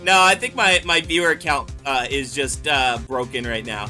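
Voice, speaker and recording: A man's voice: mid-range voice, moderate pace, sharp tone, faint music behind. A young man streaming a video game live, chatting with his viewers, joking, and reading the game's lines aloud. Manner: chatty and jokey, reads game lines aloud, talks to chat.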